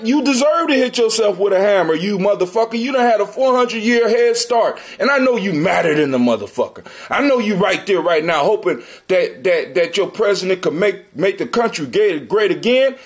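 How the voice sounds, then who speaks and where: A man's voice: sits high, expressive, moderate pace, few pauses. A middle-aged man hosting a livestream, ranting in a profane, confrontational and mocking way. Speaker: livestream host. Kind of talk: heated livestream rant.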